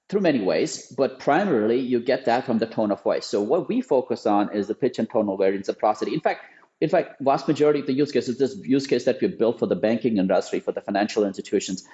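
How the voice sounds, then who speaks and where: A man's voice: mid-range voice, a little mellow, highs cut off. A man guesting on a podcast, explaining his field emphatically with frequent restarts and repeated words. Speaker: guest, voice AI company founder. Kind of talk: podcast interview.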